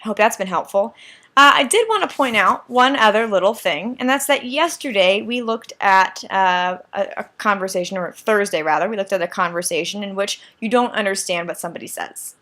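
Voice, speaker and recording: A woman's voice: medium pitch, lively intonation, pushed and bright. A woman teaching a Spanish lesson, walking through verb endings step by step and checking in with her listeners. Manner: deliberate, repeats forms and checks in with "right?". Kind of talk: slow, patient classroom explanation.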